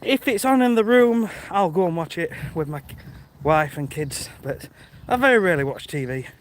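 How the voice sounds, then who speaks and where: British man, high voice, chatty, greets viewers, walking outdoors, phone mic. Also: lively intonation, moderate pace, a little hiss or hum. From Britain. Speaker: livestreamer. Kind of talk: casual live-stream chat while walking. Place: outdoors on a rural walk.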